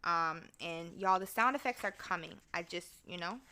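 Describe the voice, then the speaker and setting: With a lowish voice that sounds bright and pushed, a young woman talks through her own podcast at a moderate pace, and the recording carries a little hiss or hum. She is chatty and profane on her solo show, breaking into song every so often.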